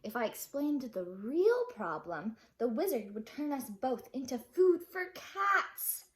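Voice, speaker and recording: A woman's voice: sits high, big pitch swings, slow pace, hardly any pauses. A woman teacher reading a children's picture book aloud with dramatic expression.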